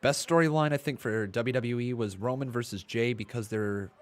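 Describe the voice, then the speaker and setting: A man in his twenties speaks at a moderate pace with a medium-pitched voice during a watch-along live stream. A little sleepy and yawning, he reads viewers' chat out loud and narrates the play as it happens.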